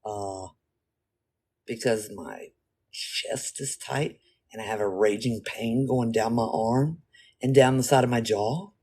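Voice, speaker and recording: A woman's voice: very deep voice, slow, darkish tone, husky. A woman vlogging to camera in a blunt, profane way, acting out her own reactions as she talks. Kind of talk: casual talk to camera.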